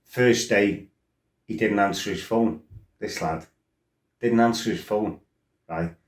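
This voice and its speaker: A man's voice: fairly low pitch, slow pace. A middle-aged man, a former kickboxer, telling stories from his life in a blunt, rambling way, full of "you know" and "right?". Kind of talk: casual spoken storytelling. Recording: roomy echo.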